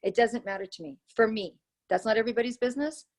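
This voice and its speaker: A woman who is a network marketing leader, guest in an interview, telling stories in a lively way, acting out her own dialogue and repeating phrases for emphasis. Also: on the high side, fast talker. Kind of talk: conversational interview storytelling.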